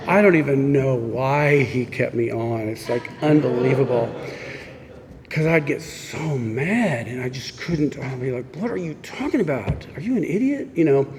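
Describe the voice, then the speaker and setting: A man's voice: mid-range voice, a little mellow. A man from Missouri telling his recovery story at a meeting, candid and self-mocking, acting out old conversations as he goes. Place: meeting room. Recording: echoey hall with faint background noise.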